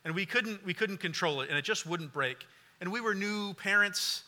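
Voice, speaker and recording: A pastor in his forties preaching a sermon and prayer, telling a personal story in an earnest, halting way, repeating words and dropping very soft at tender moments. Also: high voice.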